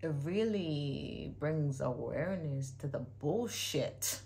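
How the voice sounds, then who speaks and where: Low-voiced woman vlogger, candid, emphatic reaction commentary with soft asides. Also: lively intonation, slow pace. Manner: candid, emphatic, drifts between loud bursts and soft asides. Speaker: YouTuber reacting to a clip.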